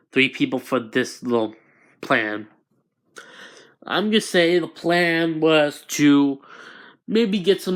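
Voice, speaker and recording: A man's voice: medium pitch, fairly bright tone. A man improvising a fan story as narrator, hesitant and often restarting his sentences.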